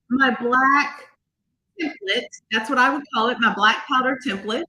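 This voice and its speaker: A woman with a fairly high, bright voice and a husky edge walks through a makeup look step by step. She is chatty and casual, and now and then quizzes the viewers. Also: expressive, normal speed, poor audio. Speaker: makeup artist demonstrating products.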